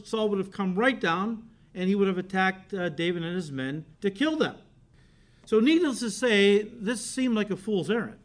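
A high-pitched male pastor delivers a conversational expository sermon, calling his listeners "guys." He acts out quoted lines, building the emphasis as he goes.

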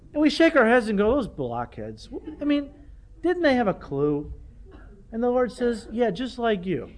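An older man preaching a sermon, animated and self-deprecating, often repeating himself as he talks. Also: fairly high pitch. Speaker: pastor.

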